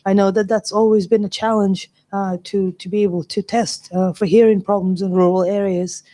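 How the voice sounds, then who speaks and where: A woman moderating a conference panel in a brisk, organized way, calling on speakers. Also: medium pitch, flat delivery, warm tone.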